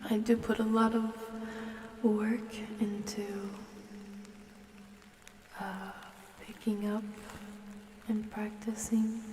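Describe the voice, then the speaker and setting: A woman hosts a relaxed ASMR chat stream, drifting between soft speech and whispers as she talks to her viewers. She speaks slowly in a mellow voice. The mic sits a little away from her in a roomy, echoey space with a faint hum of ambience. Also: mid-range voice, distant mic. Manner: soft, often whispered, unhurried chatting with viewers.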